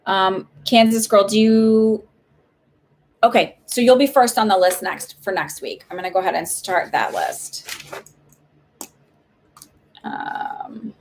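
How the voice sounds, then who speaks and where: A woman's voice: mid-range voice, very animated, slow, long pauses, slight background noise. A woman giving casual psychic readings on a live stream, chatty and reassuring, with many likes and ums.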